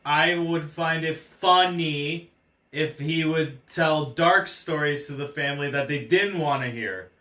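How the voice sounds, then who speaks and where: A man makes dry, crude jokes in a casual podcast chat. His voice is bright and forceful. The room around him is echoey. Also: a little high, measured pace, distant mic. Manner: dry, joking, crude humor, short backchannels. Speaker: podcast co-host.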